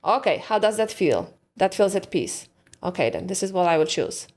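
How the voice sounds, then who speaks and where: A woman coach in a podcast interview, calmly talking herself through reflective questions. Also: fairly low pitch, moderate pace.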